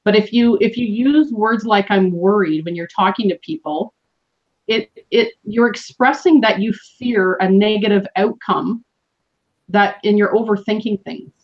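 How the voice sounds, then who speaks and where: A woman's voice: mid-range voice, a little slow. Coaching woman on a dull call line. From Canada. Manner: earnest, coaching, with fillers. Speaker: team call host. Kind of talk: motivational team call talk.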